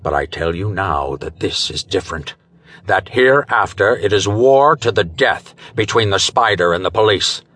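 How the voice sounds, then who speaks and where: A man's voice: low voice, lively intonation, normal speed, a bit bright, slight background noise. A man voicing a stern, commanding police commissioner in an audiobook. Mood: grim. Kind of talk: audiobook character voice.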